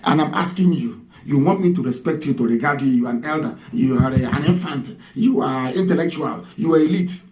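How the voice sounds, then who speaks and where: A man's voice: on the high side, brisk, few pauses, darkish tone, poor audio. A Nigerian man giving an impassioned radio address, firing off mocking rhetorical questions. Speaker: radio broadcaster.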